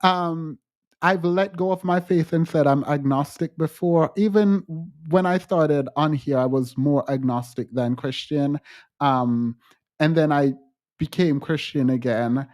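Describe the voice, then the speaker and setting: A man with a somewhat high voice chats frankly with his livestream viewers. He talks in halting restarts and pushes his voice up and gets emphatic when he quotes other people. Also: a little mellow. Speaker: livestream host. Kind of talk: livestream chat answering viewers.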